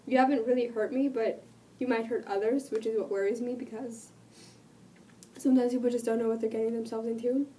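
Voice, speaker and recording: A woman vlogging while sick, her voice cracking and dropping out, talking earnestly and rambling with many pauses. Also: a little high, steady tone, dark tone, far from the mic, slight background noise. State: sick, voice cutting in and out. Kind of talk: casual talk to camera.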